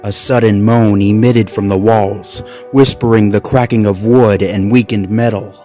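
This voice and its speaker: A man's voice: lowish voice, fairly even intonation, a little slow, mellow, soft background music. Man narrating a suspenseful story.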